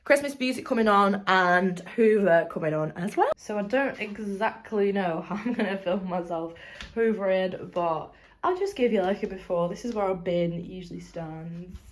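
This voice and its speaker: A young woman tells a story straight to camera. She is chatty and animated, swearing freely, with an everyday mid-range voice. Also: medium pitch. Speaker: vlogger. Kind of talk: casual storytelling vlog.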